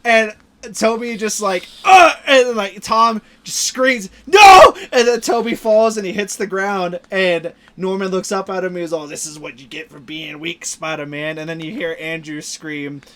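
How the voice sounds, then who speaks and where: A young man hosting a podcast, excitedly retelling movie scenes in casual chat, swearing and acting out lines. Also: high voice, normal speed, hardly any pauses. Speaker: podcast host.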